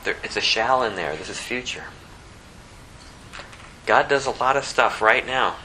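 A man's voice: expressive, unhurried, bright, forceful tone, a little hiss or hum, rough recording. A man preaching a sermon, his voice rising sharply when he gets emphatic. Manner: impassioned, pitch climbing sharply when emphatic.

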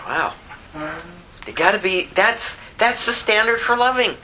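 A woman preaching a sermon with emphatic rhetorical questions and wide swings in pitch. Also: lively intonation, unhurried, sharp tone, slight background noise, poor audio.

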